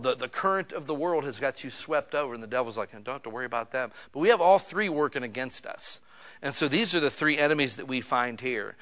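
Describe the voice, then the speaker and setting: A man preaching a conversational sermon to his small church, swinging between loud emphatic bursts and quiet, intimate asides. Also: mid-range voice. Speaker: pastor.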